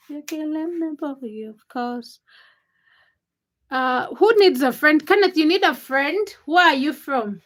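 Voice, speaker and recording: A woman's voice: high-pitched, animated, takes it slowly, a bit bright. A young Ugandan woman hosting a casual livestream, chatty and self-mocking as she greets viewers by name. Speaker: livestream host.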